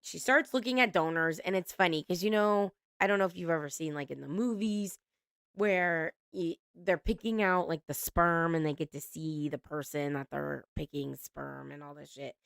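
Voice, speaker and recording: A woman's voice: low-pitched, moderate pace, vocal fry, a bit bright, smooth, no room sound, clean studio sound. A woman hosting a casual reality TV recap, chatty, laughing often and swearing casually.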